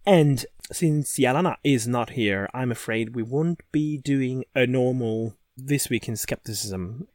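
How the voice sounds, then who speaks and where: A man's voice: medium pitch, no echo, studio quality. A man co-hosting a casual podcast chat, talking eagerly and often repeating words as he starts sentences. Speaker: podcast co-host.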